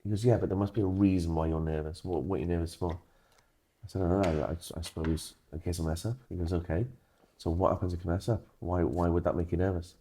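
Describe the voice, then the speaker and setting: Very deep, mellow-voiced man telling a story. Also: fairly even intonation, fast. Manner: storytelling, self-deprecating. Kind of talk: casual chat.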